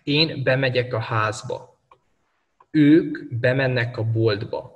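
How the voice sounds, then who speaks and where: A man's voice: medium pitch, slow. A male language teacher in a video lesson who talks through grammar methodically and backs every point with examples. His voice sits in a middle register and comes from some distance away in a room with a long, ringing reverb. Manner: methodical, explains with worked examples.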